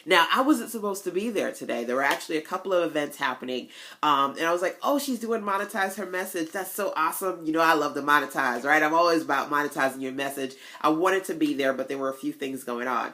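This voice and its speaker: Chatty, animated woman vlogging to viewers. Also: quick pace. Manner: chatty, animated storytelling with big pitch jumps; folksy asides to viewers. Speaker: online business coach. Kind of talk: casual motivational vlog.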